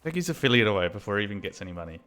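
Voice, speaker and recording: Streaming a video game, an Australian man talks to himself as he plays, rambling and swearing casually. His voice is lowish and a bit bright, and he speaks very fast.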